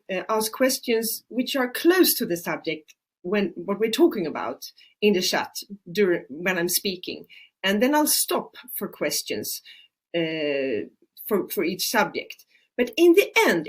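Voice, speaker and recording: A woman's voice: mid-range voice, slightly rough. A middle-aged woman from Sweden, a native Swedish speaker, hosting a webinar as an Ayurvedic practitioner, chatty with many fillers. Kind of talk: casual webinar talk.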